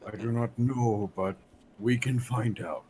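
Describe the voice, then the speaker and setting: A man's voice: medium pitch, unhurried, dark tone, slight background noise, poor audio. A man playing a tabletop game who speaks as his character, earnestly arguing for cooperation. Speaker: player. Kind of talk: in-character tabletop role-play.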